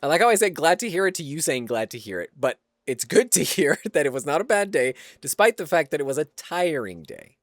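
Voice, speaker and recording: Male game streamer, casual and giggly, swears, animated delivery over faint background music. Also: on the high side, brisk, hardly any pauses, no echo, studio quality. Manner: laughs often, swears casually, chats to viewers. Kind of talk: casual live-stream gameplay chat.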